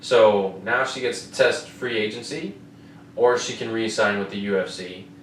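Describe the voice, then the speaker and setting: Recorded at home in a room with an air conditioner, this podcast host recaps fights in a laid-back way, cursing a lot and asking "you know what I mean?" again and again. His voice is fairly low and a bit bright, with a steady tone and moderate pace. The distant mic gives a roomy sound and faint noise.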